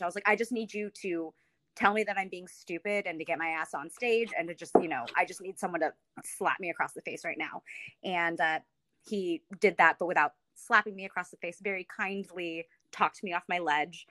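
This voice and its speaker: A woman in her thirties, a podcast guest, telling a story in casual chat and acting out quotes with big jumps in pitch. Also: bright, forceful tone, no echo. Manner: many fillers and restarts.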